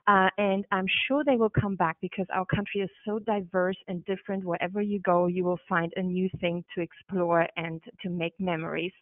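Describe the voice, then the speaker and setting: A woman's voice: medium pitch, dry recording. A German woman with a German accent, a tourism board sales manager giving an enthusiastic, chatty webinar presentation with occasional fillers. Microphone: telephone. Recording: tinny phone line.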